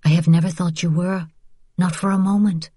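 Tired ashamed mom, quiet and subdued, low voice, a woman reading her. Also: steady tone, normal speed, husky, no echo, clean studio sound. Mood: gentle. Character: weary, ashamed mother shielding her children.

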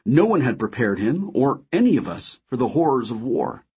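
A man reading a first-person audiobook, measured and dramatic in his delivery. His voice sits at a middle pitch with a husky, slightly breathy grain. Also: sing-song, mellow. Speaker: audiobook narrator. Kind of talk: scripted first-person narration.

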